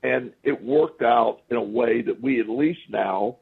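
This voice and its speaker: A man's voice: mid-range voice, unhurried, vocal fry, slightly rough, narrow, tinny audio. A man as a podcast guest, telling anecdotes casually and acting out what people said. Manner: animated storyteller who acts out quoted speech.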